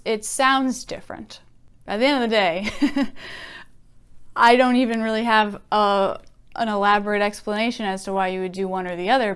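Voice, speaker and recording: Young woman, poetry teacher, conversational and reflective, smooth clear voice, mid pitch. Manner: conversational, thoughtful, many fillers. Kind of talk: casual teaching with poem readings.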